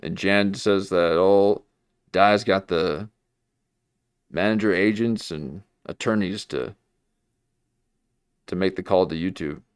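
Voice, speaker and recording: Low-voiced man rambling on a livestream. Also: takes it slowly, pauses often, clear, resonant tone, no room sound, studio quality. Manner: rambling, self-mocking, jumps into mock voices. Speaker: livestream host. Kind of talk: casual livestream commentary.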